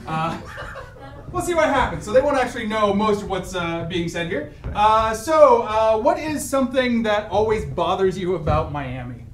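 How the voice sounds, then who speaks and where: A man hosting an improv comedy show on stage, energetic and joking with the audience. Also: high-pitched, normal speed. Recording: echoey room from a distance.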